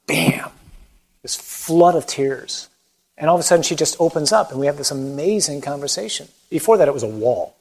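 A Catholic priest with a fairly high voice speaks at a quick pace in a low-quality recording. He gives an animated, conversational talk on evangelization, acting out quotes along the way, and leads a closing prayer.

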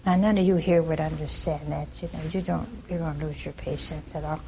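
A woman preacher giving a folksy, animated sermon, throwing rhetorical questions at her listeners. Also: low voice, fairly quick, noisy background.

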